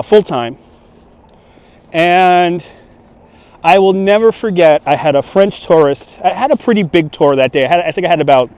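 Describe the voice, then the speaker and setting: A man, a tour guide hosting a live walking stream outdoors, joking and laughing as he chats to viewers. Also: on the high side. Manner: jokey, chatty, laughs often. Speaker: tour guide and livestream host. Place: outdoors on city streets. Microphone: phone on handheld gimbal.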